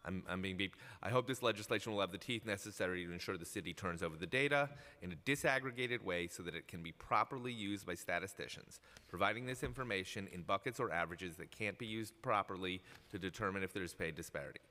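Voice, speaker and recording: A man reading prepared union testimony at a city council hearing, firm and measured. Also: deep voice, pushed and bright. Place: council chambers at city hall. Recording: council chamber, long reverb.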